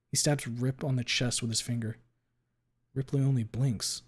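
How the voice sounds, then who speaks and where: A man streaming a first-person story reading, dramatic and expressive, with sudden loud outbursts. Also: mid-range voice, normal speed, slightly rough.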